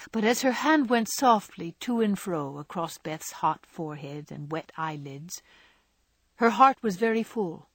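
A woman reading a classic novel aloud with measured, expressive storytelling. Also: mid-range voice, husky, dry recording. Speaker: audiobook narrator.

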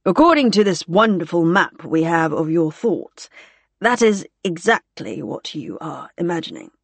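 A woman's voice: lowish voice, big pitch swings, normal speed, gravelly, dry recording, exaggerated voice. A woman reading the part of a wry, teasing male naval commander in an audiobook.

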